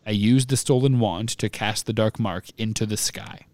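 A man reading aloud in a flat monotone as a young male dark wizard confessing. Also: on the low side, normal speed, no room sound, lightly acted.

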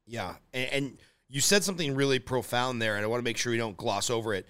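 A man's voice: mid-range voice, fast talker, sharp tone, smooth. A man hosting a casual interview, talking in an earnest, emphatic way. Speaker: podcast host.

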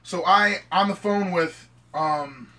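High, bright young man swearing through a story. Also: slow. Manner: swears heavily, rambling and excitable. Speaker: storyteller among friends. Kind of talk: casual podcast chat. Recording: mic at a distance.

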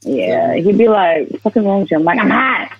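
A man's voice: high voice, wildly swooping pitch, moderate pace, a loud crowd. A man co-hosting a podcast, telling stories in a laid-back, slangy casual chat. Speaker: podcast co-host. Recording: dull lo-fi mic.

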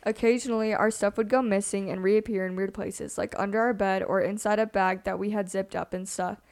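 A young woman reads a scary story aloud in a hushed, subdued way. Between stories she chats casually as a co-host. Her voice sits at an ordinary middle pitch for a woman. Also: steady tone, fairly quick. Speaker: podcast co-host.

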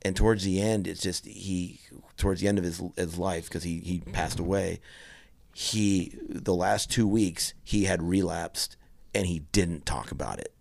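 A middle-aged man with a very deep, gravelly voice talks in a low, even tone with little rise and fall. He tells a personal story earnestly and haltingly, often stopping and restarting his sentences. The sound is close and dry. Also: dry recording. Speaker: guest telling a personal story. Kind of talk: candid conversational storytelling.

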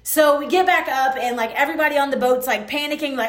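Woman podcast host, high-pitched, chatty storyteller, roomy echo. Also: quick pace. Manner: chatty, animated, full of fillers and quoted asides. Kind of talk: casual storytelling monologue.

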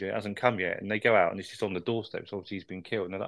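A man's voice: lowish voice, fast talker, creaky, fairly bright tone. A man co-hosting a podcast, chatting casually about a film, swearing often and checking for agreement with tag questions. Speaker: podcast co-host reviewing a film. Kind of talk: casual chat.

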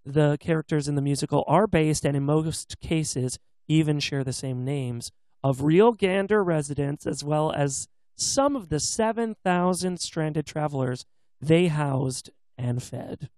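Chatty guy co-hosting a podcast, bit high voice, dry close sound, playful. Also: unhurried, no echo. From Pacific Northwest. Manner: animated, puts on playful accents. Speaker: podcast co-host. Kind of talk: casual chat.

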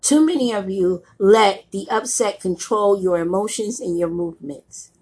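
A woman's voice: mid-range voice, moderate pace, a little mellow, slightly rough. A middle-aged woman with a cold giving a blunt, casual motivational talk, preaching in everyday slang. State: voice roughened by a cold. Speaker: motivational speaker.

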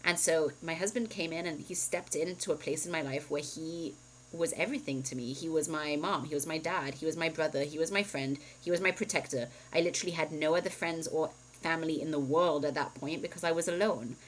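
Speaking fairly quickly in a low register, this thirty-something woman shares a personal story as a podcast co-host. Her chat is candid and casual, full of "um" and "like." Slight background noise and poor audio quality mark the recording.

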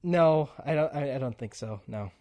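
A man's voice: on the high side, animated, normal speed, a little mellow, no room sound. Laid-back swearing man, podcast host. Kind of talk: casual podcast interview.

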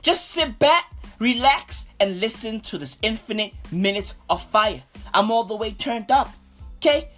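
Brief: husky, higher-pitched woman host doing a swaggering comedic podcast rant. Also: expressive, a little slow, a bit bright, faint music behind. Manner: brash, swaggering bro talk, calls everyone bro.

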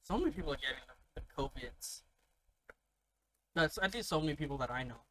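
A man's voice: fairly high pitch, lively intonation, a little fast, sharp tone, slight background noise. A young man from India telling stories in casual profane chat, laughing often. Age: young adult.

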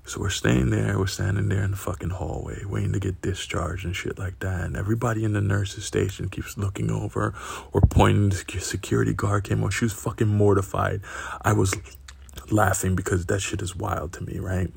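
A man's voice: fairly low pitch, level tone, fairly quick, a little mellow. A young man hosting a podcast, telling a crude story in a profane, laughing, casual way. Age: young adult. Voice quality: gravelly, husky. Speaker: podcast host.

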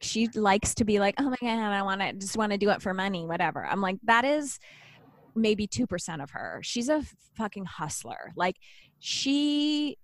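A woman in her thirties, a podcast co-host, telling stories in a casual, animated chat, swearing freely and acting out what others said. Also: mid-range voice, dry recording. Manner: chatty, swearing, animated storytelling with quoted voices.

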